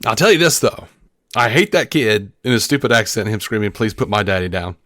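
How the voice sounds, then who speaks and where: Profane, animated man reviewing a film. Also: lowish voice, fairly quick, dry recording, studio quality. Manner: animated, profane, acts out movie lines. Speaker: podcast co-host. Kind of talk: casual film-review chat.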